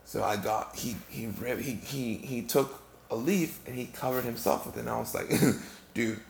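A man's voice: medium pitch, normal speed, vocal fry, slight background noise. A man delivering a rambling comedic monologue, full of asides and restarts. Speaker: comic storyteller. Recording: roomy, with faint background ambience.

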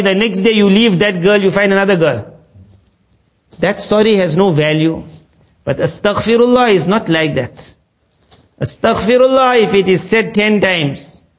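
A man preaching a sermon in a mosque, telling stories and acting out the quoted speech with earnest feeling. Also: sits high. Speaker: Islamic preacher. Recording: muffled lo-fi recording.

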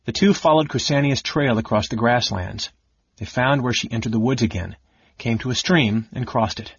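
A man narrating a fantasy novel in a steady, measured reading. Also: mid-range voice, breathy edge, no echo, dull audio. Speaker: audiobook narrator. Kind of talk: scripted narration.

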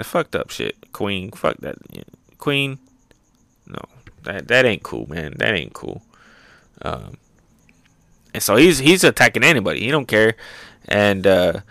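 A man's voice: fairly low pitch, vocal fry, fairly bright tone, dry recording. A man hosting a casual manga recap, talking loosely with frequent fillers, swearing and laughing as he goes. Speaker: manga reviewer, show host.

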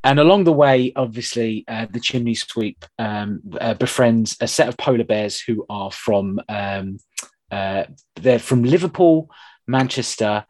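A man hosting a podcast, chatting casually and retelling childhood cartoons with animated enthusiasm. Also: medium pitch, a little slow, no room sound. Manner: animated retelling of old cartoons, often laughing. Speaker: podcast host.

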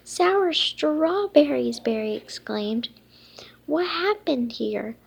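A woman voicing a young female candy fairy in a storybook reading, halting and stumbling over her lines. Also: a little high, gravelly, slightly rough, full character voice. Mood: worried.

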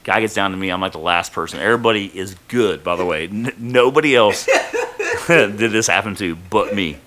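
A man's voice: on the low side, sing-song, moderate pace, a bit bright, slight background noise. A man casually telling a rambling, profane story from his own life on a podcast, full of fillers.

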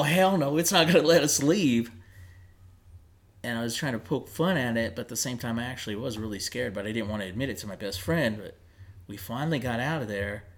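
A man on a paranormal investigation team, casually telling a story about a night in the mountains and acting out what was said. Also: mid-range voice. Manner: conversational, many fillers, acts out quoted lines.

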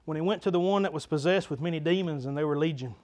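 A man preaching a sermon to his congregation in a church, folksy and plain-spoken, building to loud crescendos and dropping back to a low talk. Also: fast talker. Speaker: pastor. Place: church sanctuary.

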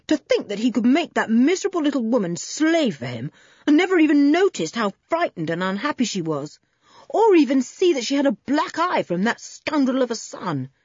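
A woman's voice: sits high, sing-song, normal speed, a little mellow, slightly rough, no room sound, lo-fi sound, pitched above the performer's own voice, full character voice. A woman reading aloud, voicing a confident, cool-headed teenage boy who speaks coldly and firmly. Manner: cold and firm.

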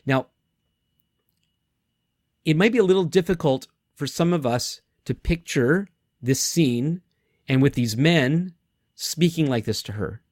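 A man preaching in a relaxed, conversational way, pausing often to think and restarting his sentences. His voice sits at an ordinary middle pitch. It is recorded close and dry, with no room sound around it. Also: dry recording. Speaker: pastor. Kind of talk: sermon.

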